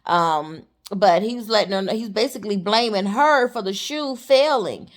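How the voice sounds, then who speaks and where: A woman's voice: mid-range voice, normal speed. A woman giving a casual, chatty recap of a TV episode, talking straight to her viewers and calling them honey. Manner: chatty and animated, calls the viewer honey and y'all. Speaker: TV show recapper.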